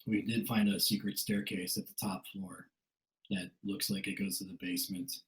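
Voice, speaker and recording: A man voicing a friendly male adventurer who calmly explains the plan with hesitant fillers. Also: deep voice, moderate pace, close to an everyday voice. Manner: matter-of-fact, hesitant with fillers. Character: friendly male adventurer, calm party leader. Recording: roomy echo.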